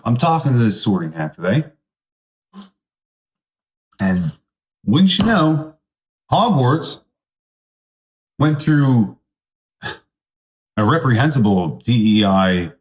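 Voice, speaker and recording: Man telling a slow, rambling tall tale. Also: on the low side. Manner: rambling, deadpan tall tale with sudden voice jumps. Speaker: comedian and podcast host. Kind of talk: comedic storytelling monologue.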